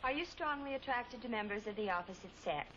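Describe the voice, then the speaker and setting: A woman's voice: fairly high pitch, lively intonation, fast talker, close to an everyday voice. A woman plays a polite dating-agency interviewer who works methodically through her questions. The recording is dull and noisy, like an old TV drama. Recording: dull old TV soundtrack, hiss.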